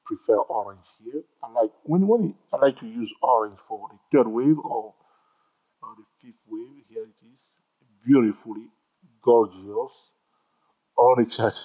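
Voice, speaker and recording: Male trading instructor, husky, bouncy delivery with lots of repetition and jokes, on a dull lo-fi recording. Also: mid-range voice, unhurried. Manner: animated, repeats himself, jokes with viewers. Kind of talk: screen-recorded chart tutorial.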